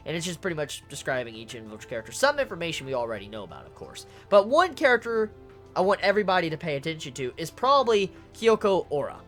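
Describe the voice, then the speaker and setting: A manga reviewer giving casual video commentary, ranting excitably with lots of swearing and stuttered repeats. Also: medium pitch, fast talker, faint music behind.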